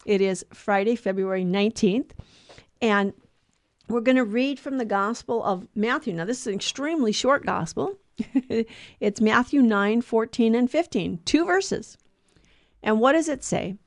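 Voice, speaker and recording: Woman podcast co-host, higher voice, chatty and self-correcting teaching style, dry close mic. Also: animated, a little slow, no echo. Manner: explanatory, digressive, self-correcting. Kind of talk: casual catechetical chat.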